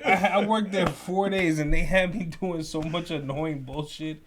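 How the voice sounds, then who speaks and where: A man's voice: a little high, a little slow, a loud crowd. Profane New man telling stories. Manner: profane, animated, slangy. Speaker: podcast co-host. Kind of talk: casual storytelling.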